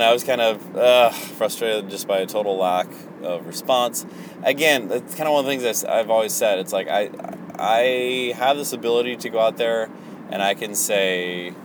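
A low-voiced man hosts a Christian podcast in a loose, rambling monologue. He hesitates often, restarting sentences and filling pauses. Faint traffic noise hums in the background. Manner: hesitant, many fillers and restarts.

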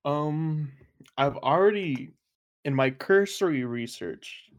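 A man's voice: a little high, takes it slowly. Joking young American man. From United States. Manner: joking, giggly, deadpan asides. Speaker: podcast co-host. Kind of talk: casual podcast chat. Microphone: computer mic over a voice call.

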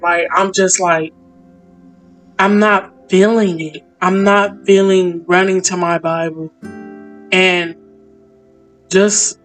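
A woman hosts an easy faith chat in a voice of middling pitch. She talks with feeling, stumbles and repeats herself, and keeps calling her friends y'all and sis. A soft bed of music plays behind her. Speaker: podcast host.

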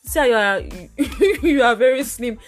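A young woman with a Nigerian accent, telling lively stories in casual chat as a podcast co-host, often breaking into laughter. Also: fairly high pitch, normal speed, soft background music.

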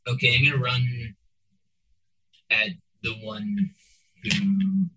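A man playing a tabletop game, thinking out loud about his moves. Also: lowish voice, steady tone, takes it slowly, low-quality recording. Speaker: player. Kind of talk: casual tabletop play.

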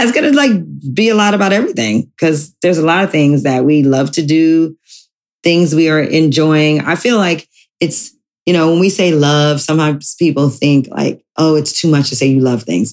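A woman's voice: deep voice, expressive, normal speed, darkish tone. A woman in her forties co-hosting a podcast, chatting casually and teasing her spouse with frequent laughter. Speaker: podcast co-host. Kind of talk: casual chat.

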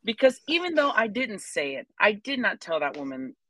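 A woman's voice: medium pitch, sing-song, normal speed, a bit bright, no room sound. A woman co-hosting a podcast, telling a personal story in casual chat and acting out the people she quotes. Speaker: podcast co-host.

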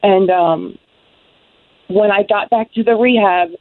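Halting young woman, tinny phone-like sound. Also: mid-range voice, no room sound. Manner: halting, many ums, heartfelt. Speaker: guest sharing recovery story. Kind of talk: emotional personal testimony.

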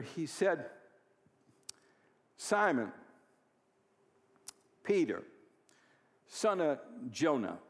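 Fervent preaching man in a reverberant hall. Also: a little high. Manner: builds from quiet storytelling to loud, fervent preaching. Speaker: pastor. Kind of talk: sermon. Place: church hall.

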